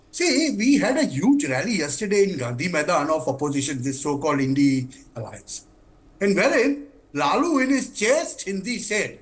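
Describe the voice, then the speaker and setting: An Indian man makes an argument on a television news panel. His voice is high for a man and very lively, rising and falling as he drives home his points in Indian English. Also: fast. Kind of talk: TV news debate.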